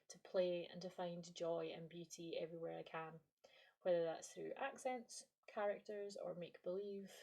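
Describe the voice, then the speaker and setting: A woman's voice: lowish voice, a little mellow. A Scottish woman in her late twenties or thirties, hosting a podcast with a reflective, playful, self-deprecating monologue. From Scottish Highlands. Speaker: podcast host and lecturer.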